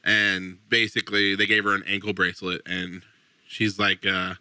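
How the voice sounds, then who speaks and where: A man's voice: low voice, flat delivery, moderate pace, bright, forceful tone, clean tone, no room sound. A man co-hosting a podcast, telling a story in a matter-of-fact way with frequent fillers. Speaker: podcast co-host. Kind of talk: casual chat.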